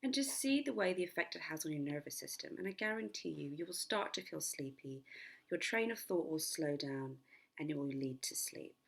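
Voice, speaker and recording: Husky, gravelly woman hypnotherapist. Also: sits low, animated. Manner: chatty and repetitive, demonstrates slow sleepy whispered inner voice. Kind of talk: casual spoken self-help lesson to camera.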